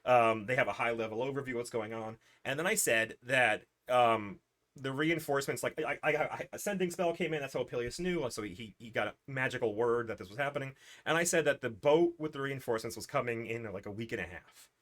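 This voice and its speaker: A man's voice: medium pitch, fairly quick. A man in casual livestream chat, recapping his tabletop campaign as game master, rambling through restarts and quoting his characters. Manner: rambling, many restarts and fillers, animated retelling with quoted lines.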